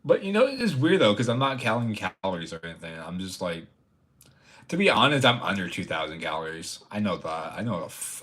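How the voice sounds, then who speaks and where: A man's voice: sits low, very animated, fairly quick, fairly bright tone. A young man chatting casually on a livestream. He rambles, stammers through restarts and laughs often. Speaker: streamer.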